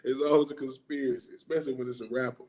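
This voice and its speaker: A man's voice: mid-range voice, fairly even intonation, rapid-fire, over a noisy crowd. A man co-hosting a casual online talk show, wry and joking, with heavy slang. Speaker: podcast co-host. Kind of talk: casual chat.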